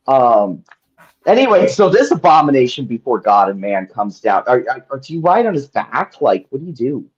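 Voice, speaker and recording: A man's voice: medium pitch, very animated, normal speed, highs cut off. A man narrating as game master in a tabletop game, rambling with lots of ums and likes.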